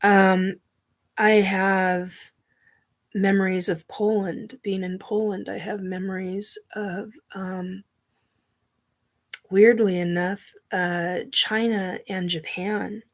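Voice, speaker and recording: Slow, flat-voiced woman host. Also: mid-range voice. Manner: halting, searching for words, earnest. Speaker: show host. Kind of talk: personal monologue.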